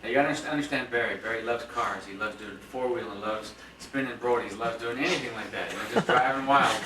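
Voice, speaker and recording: A man's voice: medium pitch, fast. A man telling a long, laughing story at a birthday roast, full of fillers and restarts, recorded on a home video camera at a party. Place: party room with guests. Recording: echoey room, distant camera, crowd noise.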